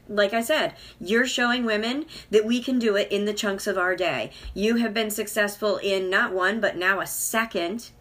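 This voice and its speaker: A woman's voice: medium pitch, fairly bright tone. Encouraging woman podcast host. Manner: encouraging, emphatic, slows down for key points. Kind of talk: casual podcast chat.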